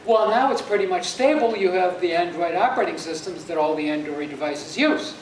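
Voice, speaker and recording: A man telling an animated, sarcastic story at a user group meeting in an office room. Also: sits high, brisk. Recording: distant echoey room, background hum.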